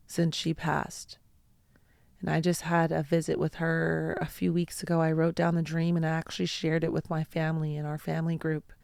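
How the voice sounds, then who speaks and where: A woman hosting her own show, telling personal stories in an earnest, heartfelt way with slow, deliberate phrasing. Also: deep voice, creaky, a little mellow, no room sound, clean studio sound. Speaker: podcast host. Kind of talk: personal storytelling talk.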